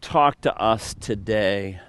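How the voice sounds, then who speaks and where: A man preaching a sermon as pastor, telling a story and briefly acting out the characters with sudden jumps in pitch. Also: slow pace, a bit bright, clear, resonant tone.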